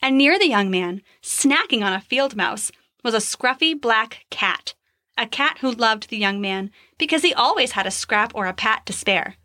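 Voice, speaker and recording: A woman narrating a children's story in an expressive, scripted storytelling manner on a close studio mic. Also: a little high, normal speed, no room sound.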